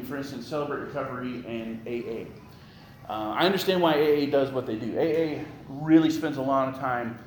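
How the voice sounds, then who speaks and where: A man preaching a sermon as pastor, animated, with rising emphasis and repeated phrases. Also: medium pitch. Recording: echoey room with faint ambient noise.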